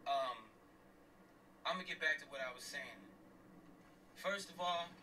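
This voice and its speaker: A man's voice: on the high side, pushed and bright, distant mic, a little hiss or hum, low-quality recording. A middle-aged man, a father and former police officer, ranting angrily and bluntly while driving, swearing and repeating himself for emphasis. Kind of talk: heated livestream rant. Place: in a car, driving.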